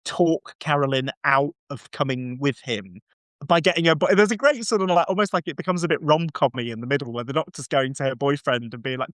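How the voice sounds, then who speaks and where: Animated man, dry close mic. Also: fairly high pitch, quick pace, no room sound. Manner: animated, acts out quoted lines in shifting voices. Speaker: podcast host. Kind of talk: casual podcast chat.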